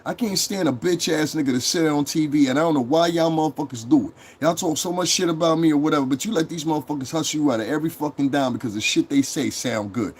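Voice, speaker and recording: A man's voice: a little high, quick pace, few pauses, husky. A man delivering a profane, angry, repetitive livestream rant, talking straight to his chat. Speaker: online streamer.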